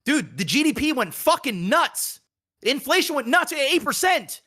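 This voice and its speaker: A man's voice: very high-pitched, big pitch swings, moderate pace, pushed and bright. A man co-hosting a podcast, ranting heatedly and swearing a lot in casual chat. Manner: profane, heated, repetitive. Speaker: podcast co-host.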